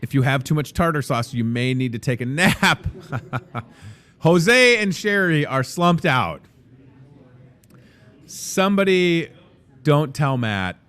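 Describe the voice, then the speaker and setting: A man's voice: fairly high pitch, sing-song, takes it slowly, long pauses, a bit bright. A man hosting a casual live show from inside a grocery store, joking and rambling in an upbeat way. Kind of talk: casual live promo chat.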